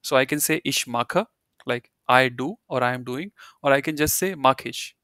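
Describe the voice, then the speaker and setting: A man's voice: mid-range voice, moderate pace, bright, forceful tone, dry recording, clean studio sound. A man teaching a German lesson, explaining step by step and often repeating key points with "you know" and "right". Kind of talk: live online language lesson.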